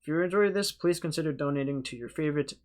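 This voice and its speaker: A man's voice: fairly high pitch, quick pace. A young man hosting a gaming video, reading the game's text aloud in a loose, joking way with offhand asides. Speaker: gaming channel host.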